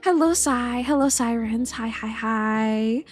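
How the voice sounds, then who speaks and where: A young woman with a high, bright-pitched voice talks casually on a live stream from her room. She rambles, restarts her sentences and giggles as she greets viewers one by one. Soft music plays faintly underneath. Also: measured pace, hardly any pauses.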